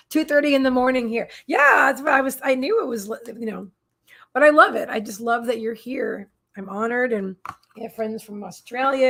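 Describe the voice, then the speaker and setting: A woman hosting a psychic reading live stream in a casual chat. Her voice sits a little high and has a gravelly fry. She gushes and repeats her thanks and greetings, trailing into restarts and fillers. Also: fairly bright tone. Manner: halting restarts and many fillers.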